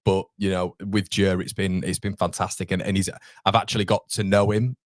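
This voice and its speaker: A young man hosting a casual live fan stream, chatting with viewers and reading their comments, matey and quick to laugh. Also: sits low, flat delivery, dry recording, studio quality. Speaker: fan channel host reading live chat. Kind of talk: casual live watchalong chat.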